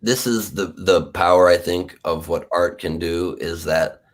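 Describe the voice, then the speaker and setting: A man's voice: low-pitched, steady tone, measured pace. A man hosting a podcast, asking thoughtful, probing questions in casual interview chat. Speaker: podcast host.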